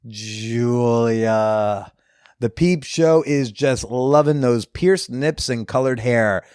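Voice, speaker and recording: A man hosting a podcast, doing casual ad reads and fan shout-outs in a jokey, off-the-cuff way with crude humor. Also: mid-range voice, no room sound, clean studio sound. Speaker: podcast host.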